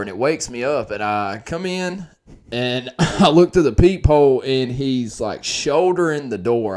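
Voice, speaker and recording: Male storyteller, mid-pitched, animated and foul-mouthed, loud-soft swings. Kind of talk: casual storytelling on a podcast.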